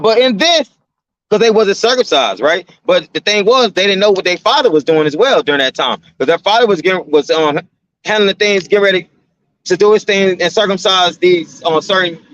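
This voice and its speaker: Brief: man with an unusually high voice, casual scripture teacher, slangy asides, dull lo-fi recording. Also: fairly bright tone. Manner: slangy, conversational, keeps asking "right?"; slows down and lifts his voice to read verses. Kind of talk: reading scripture aloud with casual commentary. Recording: dull, lo-fi, dry sound.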